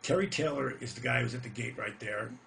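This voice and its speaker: A middle-aged man, a retired pro wrestler, telling his own career stories in a casual, animated and profane rant that gets loud as he relives big moments. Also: mid-range voice, fairly quick, vocal fry, slight background noise.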